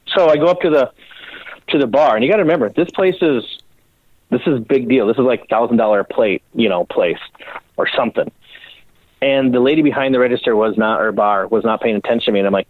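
A man spins a long, rambling tale in a relaxed interview, swearing freely and slipping into the voices of the people he quotes. His voice sits at an ordinary middle pitch. The recording is dry and slightly muffled, with no room sound. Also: fast, no room sound. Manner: profane, rambling, animated storyteller who acts out quotes. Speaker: custom bike builder, podcast guest. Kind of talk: casual storytelling in an interview.

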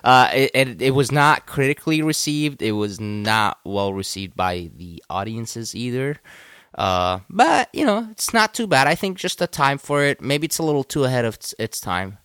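Animated, swearing man co-hosting a podcast. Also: medium pitch, moderate pace, clean tone, no room sound, clean studio sound. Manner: animated, swears freely, reads tweets aloud. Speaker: podcast co-host. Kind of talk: casual film review chat.

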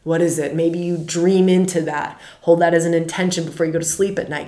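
A woman guiding listeners through questions on a spiritual podcast, her voice sitting a little low. She talks candidly and loosely, swearing, laughing and tossing in a rhetorical "right?" The room around her rings with a noticeable echo. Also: flat delivery, a little fast, hardly any pauses, warm tone. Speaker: podcast host and spiritual guide. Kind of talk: casual spiritual podcast talk.

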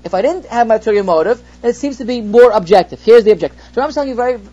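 A man's voice: extremely high pitch, lively intonation, very fast, mellow. Male rabbi, class lecture: explanatory, poses rhetorical questions; muffled lo-fi recording. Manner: explains by example, poses rhetorical questions, reads Hebrew then translates. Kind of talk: text study lesson.

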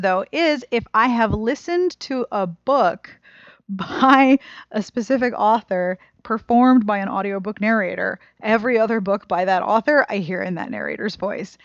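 A woman co-hosting a podcast in casual chat, expressive and self-deprecating. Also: fairly high pitch, dry recording, lo-fi sound. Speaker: podcast co-host.

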